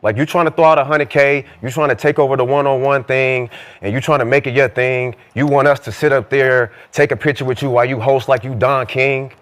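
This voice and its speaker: A man co-hosting a podcast couch chat, firing off rapid, repetitive trash talk packed with fillers. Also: mid-range voice, steady tone, a bit bright. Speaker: podcast co-host, former basketball player. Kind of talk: heated casual podcast banter.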